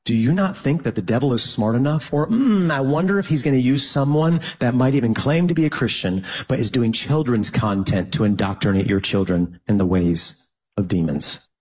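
A man's voice: mid-range voice, normal speed, darkish tone, husky. A male preacher speaking in a stern, warning tone to parents. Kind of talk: preaching to camera.

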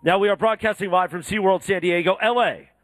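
A man's voice: high voice, fairly quick, slight background noise. A man hosting a live morning radio show from an aquarium, reading sponsor spots in an upbeat announcer tone. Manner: upbeat, reads promos in a lively announcer tone. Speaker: radio host. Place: live broadcast from an aquarium exhibit.

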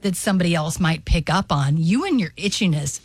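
A woman's voice: lowish voice, animated, a little fast, darkish tone, husky, no room sound, studio quality. Blunt female radio co-host.

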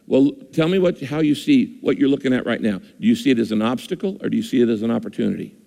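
A man's voice: mid-range voice, quick pace, creaky, warm tone. A pastor preaching a sermon in a conversational way, often repeating his phrases, speaking on a stage microphone in a church with a screen. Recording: long hall reverb.

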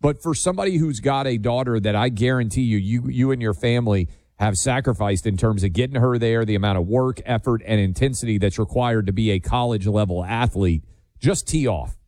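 A man's voice: mid-range voice, a little fast, darkish tone, no echo. A man hosting a political talk show, asking emphatic, incredulous, leading questions. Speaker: host.

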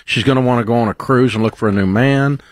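A man's voice: mid-range voice, quick pace, no room sound, clean studio sound. A man hosting a call-in advice radio show, questioning callers bluntly with teasing humor. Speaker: radio talk show host.

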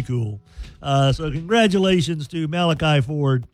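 A man hosting a sports radio show, chatty and folksy, telling stories in a lively way. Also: fairly high pitch, brisk, soft background music. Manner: chatty, folksy, animated storytelling. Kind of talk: casual sports radio talk.

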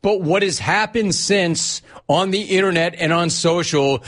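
A man's voice: high-pitched, measured pace, few pauses, fairly bright tone. A middle-aged man hosting a sports talk radio show, delivering a brash, punchy monologue. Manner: brash, punchy, mocking quotes in a whiny voice.

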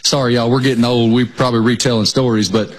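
A man from the US South talks sports with easy enthusiasm and loose, folksy slang. His voice sits at an ordinary pitch, and his tone stays relaxed and joking. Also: fast talker, poor audio. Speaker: sports talk host. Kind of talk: casual chat.

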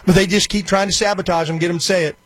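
A male radio talk show host rambling through an opinionated monologue with quick asides. His voice is high and a touch husky, and the sound is dry and close. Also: steady tone, a bit bright, dry recording.

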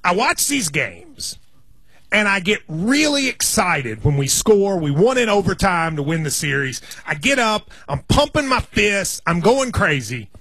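Male sports radio co-host, forties, high husky voice, dry close studio sound, eager storyteller. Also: sing-song, measured pace, sharp tone, dry recording. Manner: enthusiastic, rambling storyteller. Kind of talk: casual sports radio banter. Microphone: studio microphone.

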